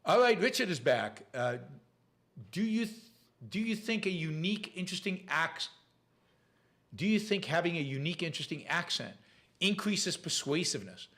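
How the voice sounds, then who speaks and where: A man's voice: high-pitched, very animated, moderate pace, bright, forceful tone. A man with a noticeable accent hosting a casual question-and-answer show, reading viewer questions aloud and answering them with frequent restarts and fillers. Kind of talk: casual live Q&A talk.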